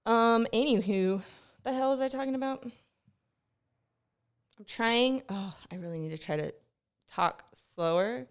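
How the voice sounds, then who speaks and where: A woman's voice: on the high side, clean tone. A young woman hosting a podcast, telling a rambling, profane story in a casual monologue, her close mic catching her breathing. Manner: profane, animated storytelling, rushes then slows. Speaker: podcast host. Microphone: close mic picking up breathing.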